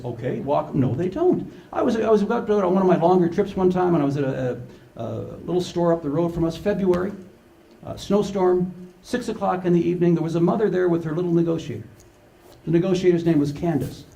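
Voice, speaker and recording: A man's voice: high-pitched, creaky, mellow. An older man giving a humorous conference talk, telling playful stories and acting out the quotes. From Canada. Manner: storytelling, playful, acts out quotes. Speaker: conference speaker.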